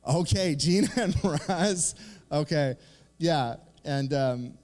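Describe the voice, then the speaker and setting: Casual joking pastor in a reverberant hall. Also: male voice, a little high, lively intonation, slow, a little mellow. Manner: storytelling, joking, conversational with fillers. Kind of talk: casual sermon. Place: church sanctuary.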